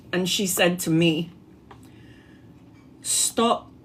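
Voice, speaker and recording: A woman tarot reader shares a personal spiritual story on a livestream. Her voice sits a little low, and she talks earnestly and from the heart. She takes it very slowly and unhurriedly. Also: a little hiss or hum.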